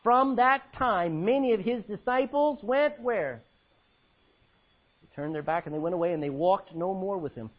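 Male preacher, high voice, sermon, dramatic loud-soft swings, husky tone. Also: normal speed, muffled recording. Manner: dramatic swings from loud to hushed, quotes scripture in old style. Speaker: pastor.

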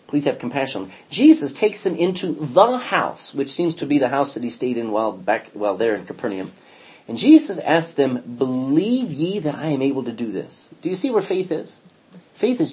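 With a mid-range voice that's darkish and a bit breathy, a Bible teacher reads scripture to his class and explains it. He is emphatic, repeats key words, and puts questions to the class.

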